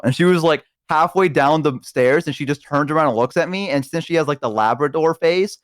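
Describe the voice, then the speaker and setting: A young man chatting casually on a stream, telling lively stories and acting out voices with sudden shouts. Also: fairly high pitch, fairly quick, few pauses, no room sound, studio quality. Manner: animated storyteller, acts out voices and shouts. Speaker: streamer guest. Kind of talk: casual chat.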